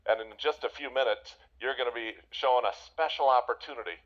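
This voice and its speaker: A male presentation coach teaching a session, energetic, firing rhetorical questions and swinging his voice high and low to demonstrate. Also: brisk, lo-fi sound.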